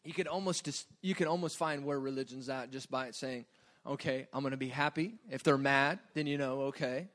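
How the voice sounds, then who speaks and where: A man preaching a sermon in a loose, joking way that swings between quiet asides and loud bursts. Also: medium pitch, fairly even intonation, brisk, few pauses.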